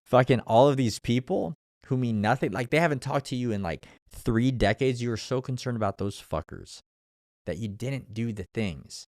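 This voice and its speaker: A man's voice: mid-range voice, normal speed, a little mellow, no echo, clean studio sound. A man hosting his own show, giving a blunt, profane motivational talk and laughing often. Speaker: podcast host. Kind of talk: motivational monologue.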